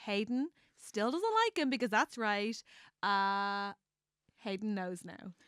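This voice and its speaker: A woman's voice: medium pitch, takes it slowly, fairly bright tone, clean tone, dry recording, studio quality. A woman co-hosting a podcast in casual chat about a book. She laughs often and acts out the characters' lines as she recaps the story. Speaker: podcast co-host.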